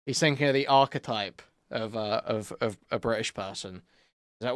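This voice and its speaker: A man's voice: mid-range voice, normal speed, dry recording, clean studio sound. A young man streaming commentary, ranting crudely and rambling with plenty of swearing.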